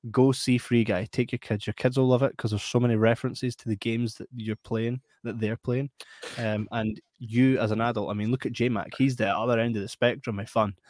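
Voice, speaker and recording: A man's voice: medium pitch, flat delivery, fairly quick, a little mellow, no echo. A Scottish man co-hosting a casual podcast, reading out viewer comments and joking around with his co-host. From Scotland. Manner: jokey, laughs often, reads out comments. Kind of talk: casual chat.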